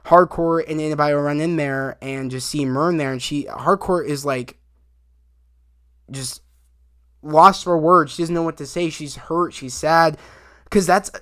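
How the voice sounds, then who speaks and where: A man casually recapping a TV episode in a rambling, excited way, full of fillers and quick asides. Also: a little high. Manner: rambling, animated retelling with many fillers and acted quotes. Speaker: video reviewer.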